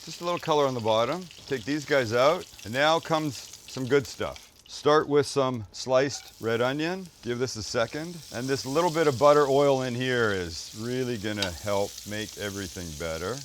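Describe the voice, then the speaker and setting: A man's voice: mid-range voice, normal speed, few pauses, slight background noise. A man hosting a casual cooking demonstration, chatty and jokey, talking to his crew and himself as he cooks and swearing now and then. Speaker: cooking show host. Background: food sizzling in a pan.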